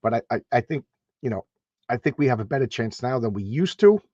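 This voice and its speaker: A man's voice: mid-range voice, expressive, brisk, darkish tone, dry recording, highs cut off. A man hosting a casual live stream, rambling and stammering as he repeats words. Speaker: host.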